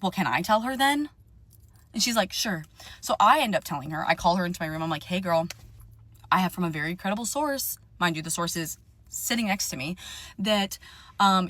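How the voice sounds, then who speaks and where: A young woman telling a dating story in a casual, animated rant, swearing often and sounding indignant. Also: lowish voice.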